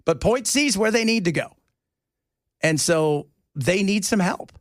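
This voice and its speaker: A man hosting a talk radio show, rambling in a casual, animated way from topic to topic. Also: sits high, unhurried, no echo, clean studio sound.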